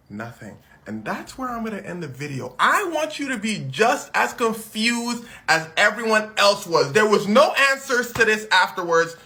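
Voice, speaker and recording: Animated, gravelly comic storyteller. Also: medium pitch. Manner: dramatic, plays every character, slangy. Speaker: reaction video host.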